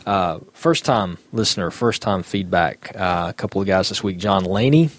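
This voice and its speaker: Man, southern us accent, podcast co-host, casual chat, hesitant fillers, lowish voice, dry sound. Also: no echo. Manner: easygoing, hesitant, many filler pauses.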